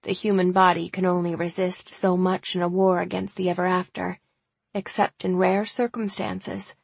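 Lady reading a soft-spoken old gran, grave and measured, a little gravelly and husky. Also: fairly low pitch, little pitch movement, no echo. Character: older woman, a wise, grave grandmother.

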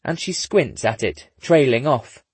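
A man narrating a story in a husky voice, dropping in dry, wry asides. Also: mid-range voice, expressive, unhurried, dry recording. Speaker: audiobook narrator. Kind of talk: scripted narration.

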